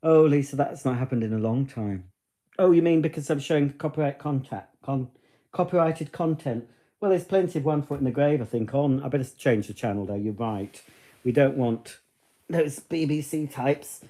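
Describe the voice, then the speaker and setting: Male stream host, mellow, rambling home chat. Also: medium pitch, normal speed. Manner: chatty, rambling, talks to his dog. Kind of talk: casual live stream chat.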